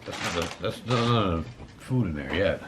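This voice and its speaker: A man's voice: sits low, lively intonation, moderate pace, heavy background noise. A man chatting at home with his wife, blunt and lecturing in a dry way. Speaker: vlogger's husband. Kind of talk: casual chat.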